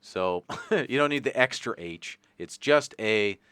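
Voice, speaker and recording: A man's voice: fairly low pitch, animated, unhurried, a bit bright, clean tone, no room sound. A Canadian man with a Canadian accent hosting a casual podcast chat, rambling and joking, swearing now and then. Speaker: podcast host.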